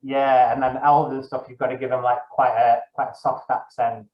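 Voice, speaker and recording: Crowd noise surrounds this young dungeon master as he talks casually as an interview guest, rambling, using lots of fillers, and correcting himself. His middle-range voice has a flat delivery at normal speed, and the echoey room gives the sound a somewhat dull, lo-fi quality.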